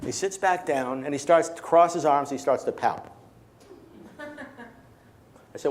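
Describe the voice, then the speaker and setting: A man's voice: fairly high pitch, moderate pace, pauses often, a little mellow. A man giving a keynote talk with magic to a small gathering, telling stories playfully and leading the audience through participation.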